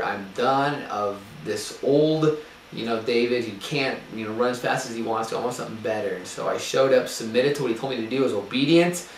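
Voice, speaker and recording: A man's voice: mid-range voice, normal speed. A young man giving an earnest sermon-style talk, with frequent ums and restarts. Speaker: speaker giving a spiritual talk. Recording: echoey room, distant mic, faint noise.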